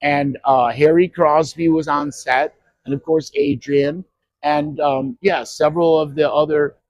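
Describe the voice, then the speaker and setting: A man around sixty telling stories from his acting past in an interview, animated and quick to act out what others said. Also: fairly high pitch, dry recording, lo-fi sound. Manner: animated, acts out quoted voices, frequent restarts. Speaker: actor guest at a horror convention. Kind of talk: anecdotal interview storytelling. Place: convention interview.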